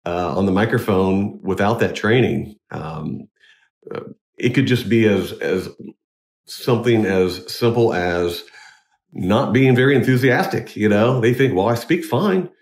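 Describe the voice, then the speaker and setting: A man, a wedding DJ, talking in a casual interview, halting with many restarts but earnest. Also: fairly low pitch, gravelly. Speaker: wedding DJ and MC, guest.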